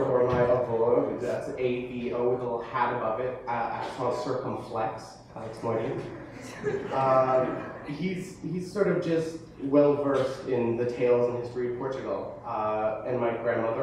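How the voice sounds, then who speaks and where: A man's voice: medium pitch, little pitch movement, measured pace, darkish tone, slight background noise. Stammering teen guy joking in an echoey hall. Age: late teens. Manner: self-deprecating, joking, stammers and restarts. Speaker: student giving a talk. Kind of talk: presentation to an audience. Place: large hall or classroom with an audience. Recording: echoey room, voice from a distance.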